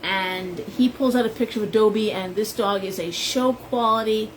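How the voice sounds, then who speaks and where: A woman's voice: medium pitch, moderate pace, slight background noise, poor audio. A woman who runs a tarot shop, chatting with viewers on a live stream and rambling into stories. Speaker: shop owner and tarot reader.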